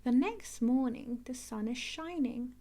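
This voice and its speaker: A woman reading a children's picture book aloud, expressive and clear. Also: a little high. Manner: animated, expressive, slow and clear. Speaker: storybook reader. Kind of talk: read-aloud children's storytelling.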